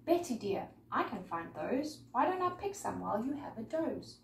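Lady doing a kind gentle scarecrow guy, storybook, echoey room, faint hiss. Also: a little high, very animated, normal speed, gravelly. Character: kind devoted male scarecrow groom. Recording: echoey room, mic far off, faint noise.

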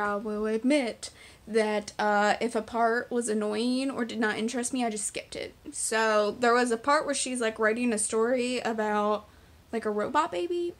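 A woman's voice: fairly high pitch, a bit bright. A young woman in her twenties chatting candidly and rambling as a book vlogger. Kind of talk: casual vlog chat.

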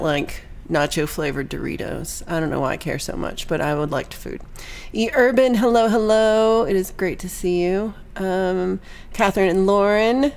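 A woman from Texas hosting her weekly livestream song show, chatting casually with viewers in a bubbly way, with quick asides and frequent laughs. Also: fairly low pitch.

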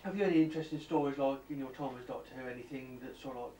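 A man asks his question haltingly, full of nervous pauses and restarts. He sounds far from the mic in an echoey room, with faint hiss in the background. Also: medium pitch, warm tone. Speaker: fan asking a question. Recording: distant, echoey amateur recording.

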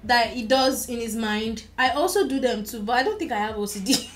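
A woman's voice: a little high, a little fast, slight background noise. A young woman chatting casually about books she has read, gushing and repeating words for emphasis. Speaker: book reviewer. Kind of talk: casual book review chat.

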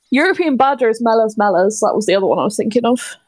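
A bubbly British woman chatting on a gaming stream, breaking into giggles often. Her voice sits fairly high. The sound is dry and close. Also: a little mellow, slightly rough, dry recording. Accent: British English. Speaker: streamer host. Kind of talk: casual gaming stream chat.

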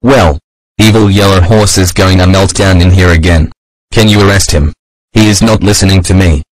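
A man's voice: low voice, steady tone, normal speed, dry recording, close to an everyday voice, low-quality recording. A man voicing a bossy, strict man in a homemade cartoon who gives orders and makes threats. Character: bossy strict man who keeps signing the horse up for school.

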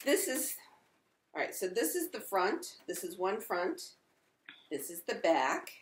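A woman's voice: mid-range voice, big pitch swings, measured pace. A middle-aged woman co-hosting a casual knitting video chat with her daughter in an apartment, talking with enthusiasm and laughing easily. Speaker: podcast co-host.

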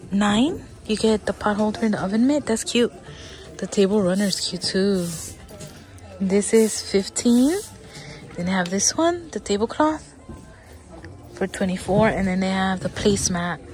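A woman vlogging while she shops, slow and excitable, often dropping to a whisper, with faint store music behind her. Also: medium pitch. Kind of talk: casual shopping vlog. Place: inside a large store.

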